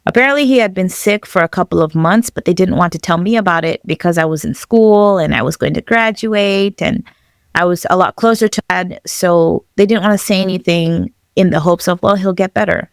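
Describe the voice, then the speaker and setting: A young woman from Zambia telling a personal story as a podcast guest, reflective and halting, with many fillers. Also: fairly low pitch, clean tone, dry recording, studio quality.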